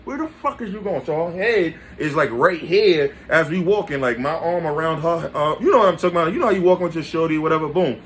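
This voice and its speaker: A man with a slightly high voice tells stories about his exes to camera. He talks in casual, slangy, profane bursts and keeps checking in with his listeners. Faint noise hums behind him. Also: brisk, few pauses, a bit bright. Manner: slangy, blunt and profane, often addresses listeners directly. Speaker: vlogger telling his own relationship stories.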